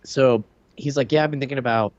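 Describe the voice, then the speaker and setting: A man's voice: mid-range voice, quick pace, dull audio, slight background noise. A man co-hosting a podcast in casual chat, joking and teasing as he retells a cartoon. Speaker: podcast co-host.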